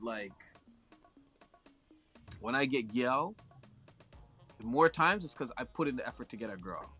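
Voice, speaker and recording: Man from Canada, young adult, bright voice, slangy swearing storyteller, faint music behind. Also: medium pitch, normal speed, pauses often. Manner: profane, slangy, animated storytelling. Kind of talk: casual storytelling chat.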